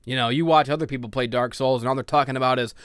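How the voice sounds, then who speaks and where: A man's voice: medium pitch, fairly even intonation, racing, a bit bright, clean tone, no echo, studio quality. A man ranting in grumbly, profane, casual gameplay commentary.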